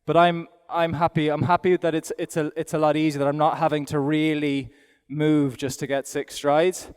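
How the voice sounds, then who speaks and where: A middle-aged Irish man coaches aloud from the saddle in a chatty, self-deprecating way. His voice is smooth and fairly high for a man. A long reverb from a big indoor arena follows every word. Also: little pitch movement, moderate pace. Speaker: event rider giving a riding demonstration. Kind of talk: live demonstration commentary.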